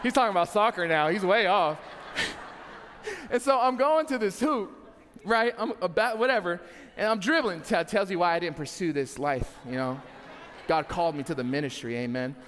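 A man's voice: high voice, moderate pace, fairly bright tone, slight background noise. A young adult man preaching a sermon as pastor, telling funny stories and talking straight to the congregation. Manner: humorous storytelling, talks to the congregation. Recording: long hall reverb.

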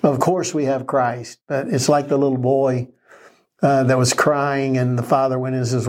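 Pastor, male, mid-range voice; warm-hearted anecdotes told with quiet chuckles. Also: mid-range voice, fairly even intonation, normal speed. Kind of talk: conversational faith talk.

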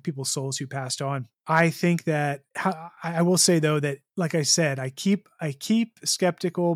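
A man's voice: mid-range voice, no echo, clean studio sound. A man co-hosting a podcast, talking casually and rambling with many restarts. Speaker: podcast co-host. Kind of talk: casual chat.

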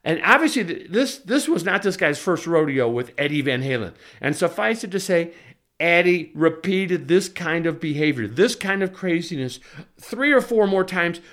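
A man's voice: a little high, sing-song, normal speed, fairly bright tone. A man telling a personal anecdote in a sardonic, indignant manner, with wordy flourishes and occasional restarts. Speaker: storyteller recounting a flight. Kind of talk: conversational anecdote.

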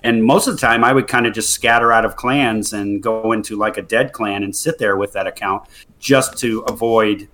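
A man's voice: lowish voice, steady tone, moderate pace, a bit bright. A man in casual podcast chat about a mobile strategy game, rambling with many fillers and restarts.

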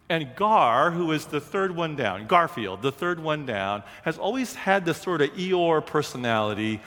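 A male preacher tells a story in an animated, dramatic way, circling back on repeated phrases. His voice is of middle pitch and carries a long hall reverb. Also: a little slow, hardly any pauses. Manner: animated, dramatic, repetitive cadence. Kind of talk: sermon storytelling.

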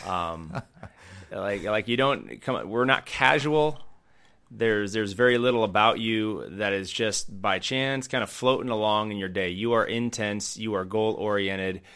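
A man's voice: lowish voice, unhurried, fairly bright tone, smooth. A man who is a pastor co-hosting a talk show, speaking emphatically and encouragingly. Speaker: pastor and co-host. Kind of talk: casual chat.

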